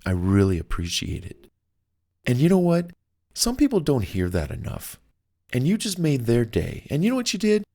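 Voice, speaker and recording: A man's voice: a little high, huge pitch swings, moderate pace, mellow. A man narrating his own self-help audiobook in a chatty, coaching way. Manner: conversational, acts out quoted phone calls; upbeat and coaching. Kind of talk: motivational audiobook talk.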